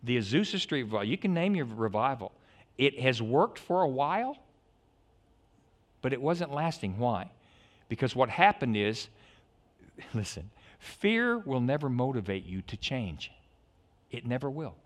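A middle-aged male pastor preaching a sermon in an animated, digressive way, swinging from loud outbursts to hushed stretches. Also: medium pitch, unhurried, pauses often.

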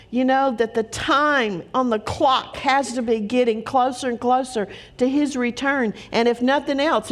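Middle-aged female preacher, earnest storytelling sermon voice, slightly high.

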